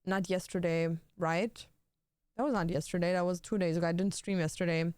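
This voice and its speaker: A woman's voice: fairly low pitch, fairly even intonation, fairly quick, a little mellow, clear, resonant tone, no echo. A young woman streaming, chatting casually while she plays, blunt and swearing freely with lots of fillers. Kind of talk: casual chat while gaming.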